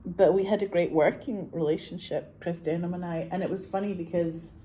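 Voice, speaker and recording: A chatty woman in a relaxed interview, animated and quick to laugh. Her voice sits a bit low and sounds warm and mellow, with a faint hiss behind it. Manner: animated, chatty, laughs often, many fillers like "like" and "um". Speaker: actor discussing her film. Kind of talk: casual interview talk.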